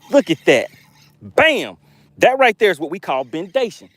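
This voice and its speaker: A man hosting a fishing livestream from a boat outdoors, excitable, calling out catches and chatting with viewers. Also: high-pitched, normal speed, husky. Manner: excitable, reads chat aloud, exclaims. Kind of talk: live fishing stream chat.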